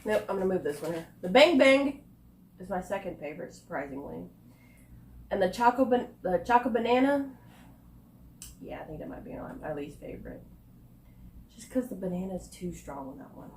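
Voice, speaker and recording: Lively chatty woman, echoey room. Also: on the low side, brisk, long pauses. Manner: chatty, thinks aloud, drops to quiet asides. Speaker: snack reviewer. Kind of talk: casual taste-test vlog.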